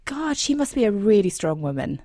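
A woman's voice: mid-range voice, big pitch swings, brisk, warm tone, no echo, clean studio sound. A woman hosting a podcast interview, chatty and effusive, often restarting her questions. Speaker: podcast host. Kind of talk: casual interview chat.

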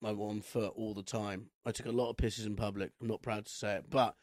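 A man's voice: fairly low pitch, flat delivery, fairly quick, darkish tone, dry recording, studio quality. A man co-hosting a podcast, joking wryly and laughing often in casual chat. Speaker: podcast co-host.

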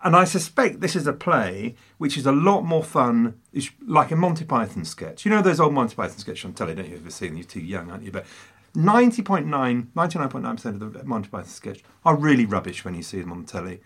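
A man hosting a casual film chat, talking in an animated, teasing way with theatrical emphasis. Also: mid-range voice, fast talker, breathy edge. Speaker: podcast host and stand-up comedian.

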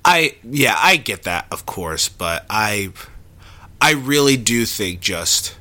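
Podcast guy chatting slow, stops and restarts hunting for words, lively up and down pitch. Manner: hesitant, searching for words, laughs often. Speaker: podcast co-host. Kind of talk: casual chat.

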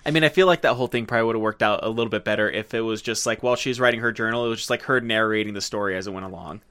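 A man's voice: lowish voice, very fast, pushed and bright, clear, resonant tone. A man co-hosting a casual movie-review podcast, recapping scenes with lots of filler words. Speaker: podcast co-host.

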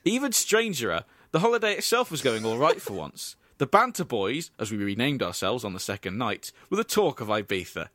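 Deadpan man telling absurd tales. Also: medium pitch, a little fast, hardly any pauses. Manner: dry, deadpan delivery of absurd stories with asides. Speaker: comedy podcast host. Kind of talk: deadpan comic storytelling.

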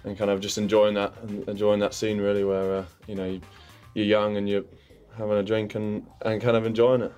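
Man, low voice, flat, quick, hesitant, faint background music. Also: smooth. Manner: low-key, hesitant, many fillers. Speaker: interview guest, rugby player. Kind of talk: casual chat.

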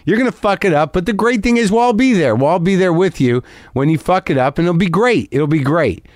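Guy doing a starstruck fan dude, high squeaky voice, breathless and eager, keeps repeating himself. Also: expressive, normal speed, dry recording, studio quality, natural voice. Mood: cheerfully blunt. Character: gushing earnest male fan on a city street.

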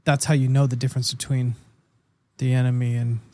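A man co-hosting a faith interview who asks soft-spoken, halting questions. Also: medium pitch, level tone, no echo. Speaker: co-host.

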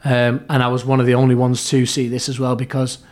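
A fast-talking middle-aged man with a mid-range voice, formerly a football club therapist, tells animated anecdotes as an interview guest on a podcast. He acts out the quotes and keeps restarting his lines.

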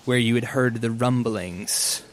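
A man narrating a tabletop game as game master, describing scenes in a casual way with quick asides. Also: mid-range voice.

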